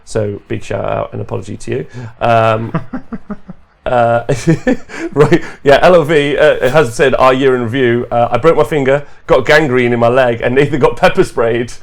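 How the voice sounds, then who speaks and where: A man's voice: mid-range voice, moderate pace, creaky. A man hosting a gaming podcast stream, chatty and rambling, laughing often and hiccuping. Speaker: podcast host. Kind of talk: casual livestream chat.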